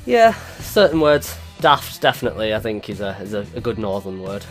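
A man's voice: on the low side, sing-song, a little fast, a bit bright, faint music behind. A man, co-hosting a games podcast in easygoing chat. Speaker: podcast co-host. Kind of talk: casual chat.

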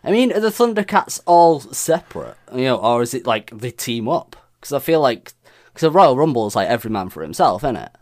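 A man co-hosting a casual podcast chat, easygoing and quick to laugh, hedging what he says. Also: medium pitch, sing-song, a little mellow. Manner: easygoing, laughs often, hedges. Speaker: podcast co-host.

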